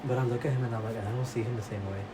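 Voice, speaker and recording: A man with a mid-range voice co-hosts a casual podcast. He talks bluntly and frankly and swears without a second thought. A clear background hiss runs under his voice on this home recording. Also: mid-range voice, steady tone, racing. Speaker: podcast co-host. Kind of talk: casual chat.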